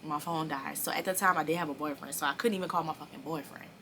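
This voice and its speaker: Young woman vlogger, fairly low voice with a forceful, bright edge, telling a profane storytime straight to camera. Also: fast talker, a little hiss or hum. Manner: animated, profane storytelling that speaks straight to viewers. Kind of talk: storytime vlog.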